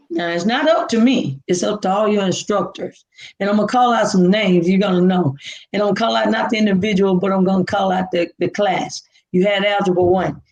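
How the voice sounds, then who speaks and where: Woman telling an animated story. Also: mid-range voice, poor audio. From Alabama, US. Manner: animated, acts out dialogue. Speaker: guest. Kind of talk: personal storytelling.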